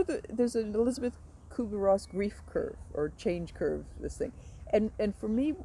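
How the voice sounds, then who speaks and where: A woman guest in a casual conversation, telling stories with animated energy and frequent laughter. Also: medium pitch, normal speed, a little hiss or hum, low-quality recording. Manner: laughs often, animated storytelling. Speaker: stand-up comedy teacher, guest.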